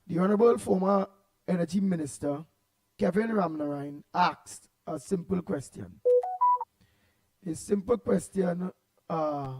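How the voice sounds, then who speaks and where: Passionate high-voiced Trinidadian man. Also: measured pace, long pauses, low-quality recording. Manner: passionate, loud, says he will drop his voice. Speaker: radio show host. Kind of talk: morning call-in show, greeting listeners.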